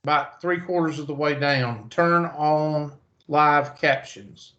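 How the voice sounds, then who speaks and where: The recording is muffled video call audio of a man with a Southern US accent giving an online math lecture. His voice is a little high and a bit bright, and he talks slowly, chatting and thinking out loud.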